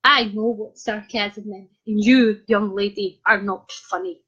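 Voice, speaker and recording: A woman mimicking a stern, humourless man who lectures a young woman in a slow, condescending way. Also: mid-range voice, fairly even intonation, a bit bright, slightly rough. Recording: dull lo-fi sound.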